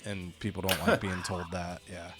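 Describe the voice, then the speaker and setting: A man's voice: low voice, level tone, normal speed, fairly bright tone, soft background music. A man casually recapping his wrestling game show in a playful way, quipping and acting out wrestlers' lines. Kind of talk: casual gaming chat.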